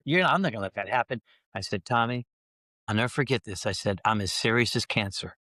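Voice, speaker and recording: A middle-aged man, a pastor, telling a personal story on a podcast and acting out his own prayers, his voice climbing as he gets excited. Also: brisk, no room sound. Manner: animated storyteller who acts out his own prayers, pitch rising when excited.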